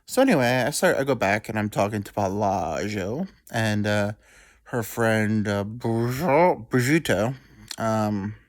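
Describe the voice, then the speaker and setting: A young man tells a long story in a loose, rambling way. His pitch swings freely as he acts out what others said, and he pokes fun at himself along the way. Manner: rambling, self-deprecating, quotes people in quick asides. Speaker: podcast host. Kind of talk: casual storytelling monologue.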